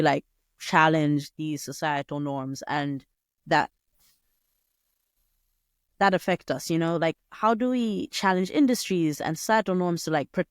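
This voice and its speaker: A young woman hosting a solo podcast, talking in a chatty, digressive way with sudden jumps up in pitch. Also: dry recording, clean studio sound. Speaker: podcast host. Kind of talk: casual solo podcast monologue.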